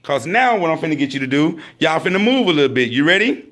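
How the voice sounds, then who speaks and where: A man's voice: fairly high pitch, very animated, fast, a bit bright. Encouraging man coaching a class. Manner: encouraging, praising often, calling out drill commands. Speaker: firearms instructor. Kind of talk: hands-on training class.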